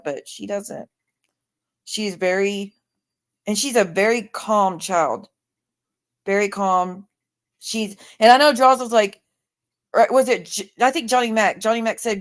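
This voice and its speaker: Chatty woman hosting a livestream. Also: medium pitch. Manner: chatty, reads viewer comments aloud. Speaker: livestream host. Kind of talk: casual livestream chat.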